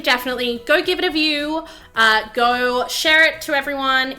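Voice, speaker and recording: A VTuber streamer with a high, sharp-toned voice chats casually with her live audience. She's bubbly and talkative, her speech full of fillers.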